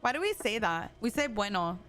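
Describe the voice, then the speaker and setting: Streaming a game with music playing behind her, a young adult woman chats casually in a somewhat bright, mid-range voice at a moderate pace. She laughs readily and moves back and forth between Spanish and English while responding to her chat.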